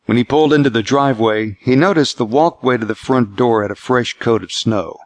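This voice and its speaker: Male audiobook narrator, steady scripted reading, low gravelly voice, dry sound. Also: normal speed, hardly any pauses, dry recording.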